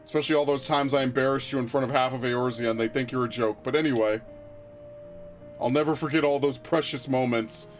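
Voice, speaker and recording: A man voicing a boastful doting father who talks in a slow, grandiose, mock-sentimental way. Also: medium pitch, fairly even intonation, soft background music, natural voice.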